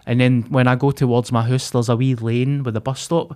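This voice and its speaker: A man's voice: medium pitch, flat delivery, brisk, a little mellow. A man, co-hosting a podcast and telling a vivid, sweary story in casual chat. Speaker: podcast co-host.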